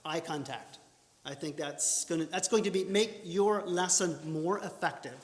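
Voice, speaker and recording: A man gives a lively, animated talk on public speaking, his fairly high voice often breaking off to restart a sentence. He is recorded in a church hall. The sound is roomy, with a long reverb tail. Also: moderate pace. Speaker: speaker at a church training session.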